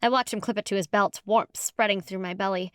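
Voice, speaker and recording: Woman audiobook narrator, expressive, first-person, mid-pitched, dry studio. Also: fairly quick, clean tone, dry recording. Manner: lively, expressive storytelling. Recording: dry close studio sound.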